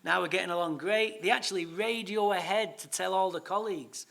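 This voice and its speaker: An English man speaking at a recovery meeting, telling his own story in a lively, comic way and swearing freely. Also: sits high, fairly quick, creaky. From England. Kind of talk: storytelling talk.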